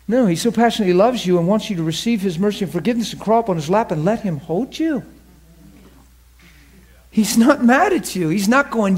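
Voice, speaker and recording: A man's voice: high voice, lively intonation, normal speed, breathy edge. A man preaching a sermon to a class, emphatic and fervent, often asking the audience questions and laughing with them.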